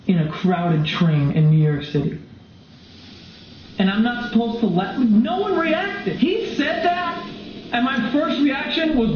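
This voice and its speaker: A young man and comedian vlogger telling crude, animated stories full of swearing. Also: high voice, a little slow. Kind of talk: comedic storytelling. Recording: very echoey dull recording with noise.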